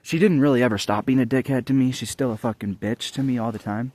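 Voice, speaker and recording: Speaking quickly in a slightly mellow, medium-pitched voice, a young adult man rambles through a casual vlog. He's profane throughout and keeps stopping to restart his sentences.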